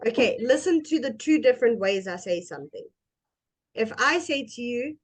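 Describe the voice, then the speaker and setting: A woman's voice: fairly high pitch, lively intonation. A woman teaching English one-on-one, speaking patiently and modeling intonation for her student. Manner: slow, patient, demonstrates intonation. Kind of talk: one-on-one language lesson.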